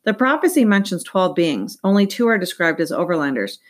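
A woman voicing a calm, reasoned older woman on a council who explains things plainly. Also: fairly low pitch, a little fast.

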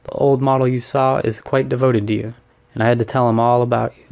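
A man's voice: mid-range voice, flat delivery, quick pace, gravelly, a little mellow, close to an everyday voice. A man reading a storybook, voicing a cheerful, worldly male painter who teases his friend. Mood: amused. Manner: teasing, amused. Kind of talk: audiobook reading.

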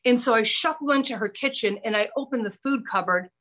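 Podcast guest, woman, middle-aged, higher-pitched, ex-reporter, lively breathless storyteller. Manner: animated, breathless anecdote-telling with dramatic pauses. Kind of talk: casual storytelling.

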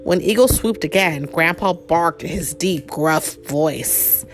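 A woman's voice: deep voice, slow pace, soft background music. Woman reading a picture book aloud. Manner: warm, expressive storytelling with asides to the child.

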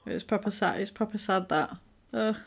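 A woman, co-hosting a podcast and recapping a film in a casual chat, animated and acting out quotes. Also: medium pitch, normal speed, vocal fry, slightly rough. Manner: animated storyteller, acts out quotes.

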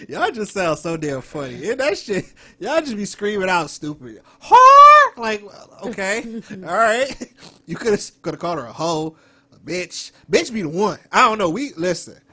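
A man, co-hosting a casual, crude comedic chat, animated and laughing a lot. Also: high-pitched, moderate pace.

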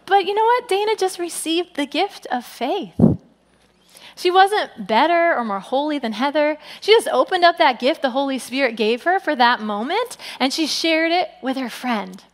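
High-voiced woman preaching in an echoing hall. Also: moderate pace. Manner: animated, voices quoted people with big pitch jumps. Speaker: pastor. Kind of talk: sermon. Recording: long hall reverb.

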